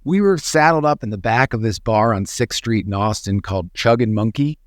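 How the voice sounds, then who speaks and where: A middle-aged man, an actor, casually telling an anecdote in an animated way, building it with repeated phrases and rising high when he quotes himself. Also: fairly quick, no echo, clean studio sound. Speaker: podcast co-host, actor. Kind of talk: casual storytelling chat.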